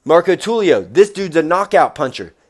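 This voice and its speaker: A man hosting a fight preview show, talking in an energetic, rambling way and swearing casually. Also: a little high, moderate pace. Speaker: podcast host.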